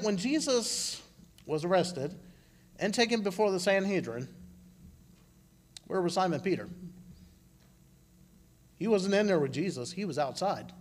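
A man giving an informal sermon at a church service, talking in a halting way with frequent restarts. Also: high-pitched. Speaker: church speaker. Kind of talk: conversational sermon. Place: church service, live broadcast.

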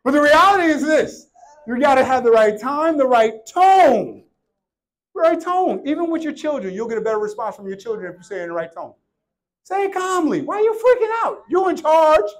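A man in his thirties preaching a sermon, joking with the congregation and swinging from shouts to hushed, quiet lines. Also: very high voice, big pitch swings, a little fast, low-quality recording.

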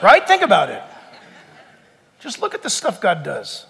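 A man's voice: high-pitched, huge pitch swings, measured pace, vocal fry, fairly bright tone, breathy edge, in a large hall. A man preaching a sermon to a church congregation with rising, emphatic delivery. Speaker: pastor. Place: church hall.

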